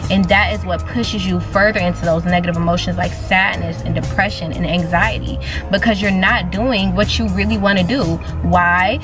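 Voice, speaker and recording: Woman, motivational speaker, mid pitch, pushy and slangy, music bed underneath. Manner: urgent, slangy, pushing. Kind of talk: motivational pep talk. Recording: voice over loud background music.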